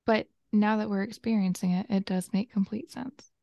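A chatty woman from Georgia co-hosting a casual podcast, laughing often as she tells stories. Her voice has a gravelly edge, and the recording is dry and close with no room sound. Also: mid-range voice, fairly even intonation, moderate pace, mellow, dry recording. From Georgia, USA. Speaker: podcast co-host. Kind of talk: casual chat.

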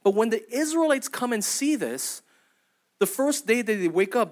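A man's voice: extremely high pitch, sing-song, normal speed. A young adult man preaching a sermon as pastor, in a conversational, storytelling way that keeps checking in with "right?" and "okay?". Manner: acts out quoted voices in anecdotes.

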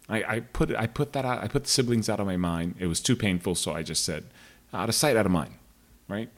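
Man with a low husky voice. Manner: rambling, digressive, frank. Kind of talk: casual storytelling monologue.

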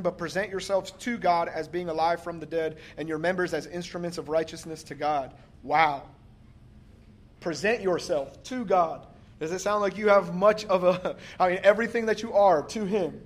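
Guy preaching, fairly high voice, reads verses slow then gets all emphatic, laughs a lot. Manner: emphatic, laughs often, reads scripture slowly. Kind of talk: sermon with scripture reading.

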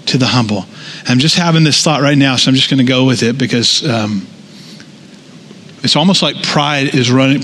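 A man delivers a sermon as the pastor, his voice sitting somewhat high for a man. He reads passages aloud with weight, then drifts into relaxed, conversational asides. His delivery is lively and unscripted. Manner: reads scripture aloud, then talks casually and animatedly with asides.

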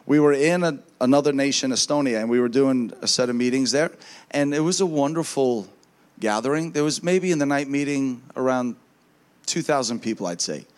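A man preaching as a minister, telling a lively testimony story and acting out the voices of the people in it, often with a laugh. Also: mid-range voice, fairly quick. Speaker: traveling minister.

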